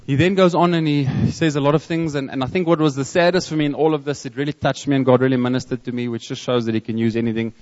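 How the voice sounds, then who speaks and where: A man with a South African accent preaching a sermon, telling a story in a reflective way with pauses and restarts. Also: mid-range voice, fairly even intonation, darkish tone. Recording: long hall reverb, dull lo-fi sound.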